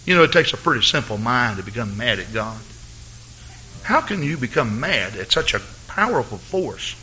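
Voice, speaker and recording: A man preaching a fervent sermon as pastor of his church, rising to excited peaks. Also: medium pitch, normal speed, slight background noise.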